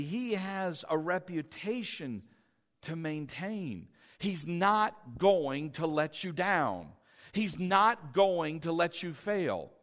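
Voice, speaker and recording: A middle-aged pastor preaching in a fairly high male voice. He fires off questions, answers them himself and swells louder on key lines. He calls on the congregation to repeat the words after him. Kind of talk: sermon.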